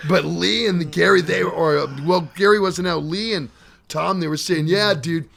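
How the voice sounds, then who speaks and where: A man's voice: sits high, moderate pace, creaky, a bit bright. A man hosting a podcast, telling road stories in casual, profane chat. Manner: profane, swears freely. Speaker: podcast host.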